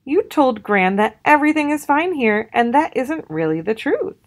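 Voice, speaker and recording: A woman voicing an earnest young girl bear cub in a high, pleading voice, reading a storybook aloud. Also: big pitch swings, normal speed. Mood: protesting.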